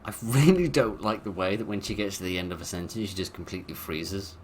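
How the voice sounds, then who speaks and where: Wry British man with a deep voice. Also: fast, a little hiss or hum. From Britain. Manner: wry, sarcastic, rambling jokes. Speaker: let's-play host. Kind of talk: casual gameplay commentary.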